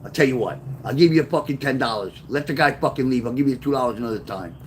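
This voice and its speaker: A man's voice: medium pitch, fast talker, a little hiss or hum, lightly acted. A man voicing his exasperated forty-year-old male friend. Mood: scolding. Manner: incredulous, scolding.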